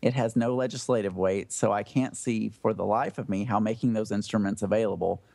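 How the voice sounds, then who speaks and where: A man's voice: on the low side, fairly even intonation, fairly quick, vocal fry, darkish tone, dry recording. A man on a podcast chatting and reading a news story aloud, with self-conscious asides. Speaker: podcast panelist.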